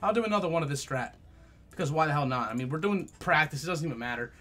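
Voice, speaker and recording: A young man giving live gameplay commentary, profane and trash-talking, swinging between loud outbursts and low mutters. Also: expressive, quick pace. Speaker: gaming YouTuber.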